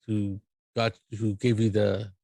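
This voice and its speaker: A man narrating a tabletop game as game master, pausing often with fillers and restarts. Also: lowish voice, flat delivery, vocal fry, dark tone, slightly rough, no room sound. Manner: halting, many fillers and restarts.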